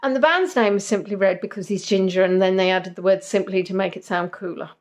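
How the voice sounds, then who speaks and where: A woman's voice: medium pitch, brisk. A woman hosting a live-stream quiz in a casual chat, giggly and jokey with rambling asides. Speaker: quiz host.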